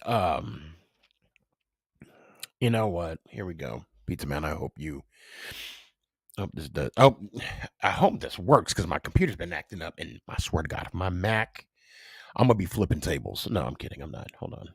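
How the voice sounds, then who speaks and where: A man hosting a podcast, talking casually in a halting way, full of fillers and restarts. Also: low-pitched, lively intonation, breathy edge, dry recording, clean studio sound. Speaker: podcast host. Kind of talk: casual emotional monologue.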